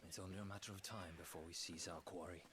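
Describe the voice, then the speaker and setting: A man's voice: sits low, fairly even intonation, fast, a crowd in the background, close to an everyday voice. A man voicing a formal, deferential soldier captain in a video game. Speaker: game character.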